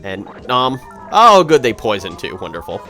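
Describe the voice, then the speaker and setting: Lively, sarcastic male gameplay commentator. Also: medium pitch, normal speed, faint music behind. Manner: sarcastic, rambling, self-correcting. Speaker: let's play commentator.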